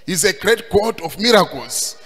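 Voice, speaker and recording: A man preaching a sermon, emphatic and sing-song, rising at times to shouts. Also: high voice, sing-song, normal speed. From Zimbabwe. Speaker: pastor. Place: church hall. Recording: long hall reverb.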